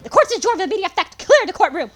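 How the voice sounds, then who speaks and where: Woman voicing a tyrannical senior judge, commanding and loud, fairly high voice. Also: big pitch swings, a little fast, faint music behind. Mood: indignant. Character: domineering older male lord chief justice. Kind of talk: reading game dialogue aloud.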